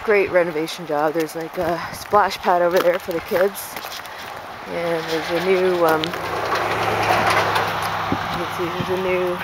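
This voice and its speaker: A woman's voice: on the low side, fairly even intonation, a little slow, long pauses. Breathless woman chatting on a walk. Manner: rambling, chatty, many fillers. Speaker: vlogger walking her dog. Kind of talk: casual walk-and-talk vlog. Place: outdoors in a neighborhood park. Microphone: handheld camera while walking. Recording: noisy outdoor camera audio. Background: outdoor noise.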